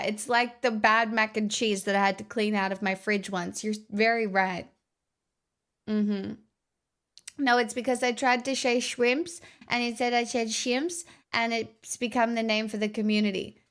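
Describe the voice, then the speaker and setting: Tired woman streamer rambling to chat, a bit high, takes her time, jokey. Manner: rambling, playful, self-mocking. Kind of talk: casual chat with stream viewers.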